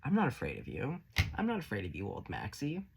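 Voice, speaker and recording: A man's voice: lowish voice, huge pitch swings, a little fast, gravelly, background noise, exaggerated voice. Defiant bold saint, as a man puts her on. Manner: scornful, swearing, steadfast.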